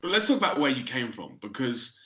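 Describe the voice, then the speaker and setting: A man's voice: medium pitch, sing-song, fairly quick, a bit bright. A male interviewer asking conversational questions and leading his guest into stories. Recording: dull lo-fi recording.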